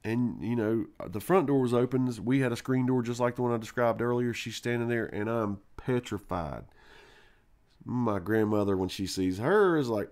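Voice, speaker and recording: Speaking at a normal speed in a mid-range, darkish voice, a man hosts a live stream and casually rambles through a story from his childhood. He swears freely and leans on fillers such as "man" and "you know."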